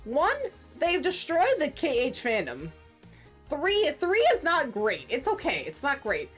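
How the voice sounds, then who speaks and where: Ranting woman streamer in her forties, high voice. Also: unhurried, soft background music. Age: 40s. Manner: ranting, profane, animated outbursts. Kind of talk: casual gaming stream chat.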